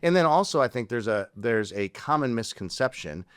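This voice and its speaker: A man hosting a podcast, talking in a relaxed, rambling way with easy laughs. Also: mid-range voice, moderate pace, clear, resonant tone, dry recording, clean studio sound. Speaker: podcast host. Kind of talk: casual podcast conversation.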